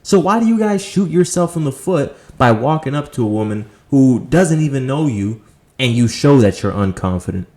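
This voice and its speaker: Male dating coach, mid-pitched, blunt and profane, preaches in punchy rhetorical bursts to camera. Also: lively intonation, moderate pace, darkish tone. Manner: punchy emphatic delivery. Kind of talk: motivational monologue to camera.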